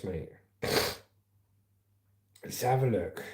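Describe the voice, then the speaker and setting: A man's voice: medium pitch, moderate pace, reverberant, heavy background noise. A man hosting a casual livestream, chatting cheekily and laughing as he reads out viewer comments and news stories. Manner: chatty and cheeky, laughing at his own jokes. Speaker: livestream host.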